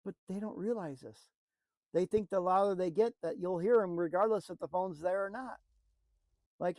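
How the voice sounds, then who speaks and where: A man's voice: high voice, moderate pace, dry recording, poor audio. Earnest man giving a motivational talk. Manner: earnest, repetitive, drops to a soft hush for emphasis. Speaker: motivational speaker.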